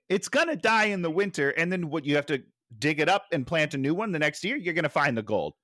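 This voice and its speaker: Animated joking man, lively pitch. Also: quick pace, few pauses, dry recording, clean studio sound. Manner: animated, joking, laughs often. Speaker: podcast co-host. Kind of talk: casual movie-review chat.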